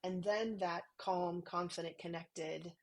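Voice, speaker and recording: A woman speaking calmly and gently on a parenting podcast, guiding listeners through a practice. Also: on the low side, slow.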